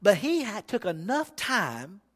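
Preacher guy, high bright voice, acts out the story, big echoey church. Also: measured pace, breathy edge. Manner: animated storytelling, acting out voices, folksy humor. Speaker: pastor. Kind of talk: sermon. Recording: long hall reverb.

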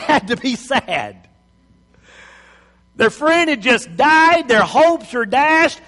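Lively high-voiced preacher, echoing hall. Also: male voice. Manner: storytelling, acts out scenes, chuckles. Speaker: pastor. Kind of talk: sermon.

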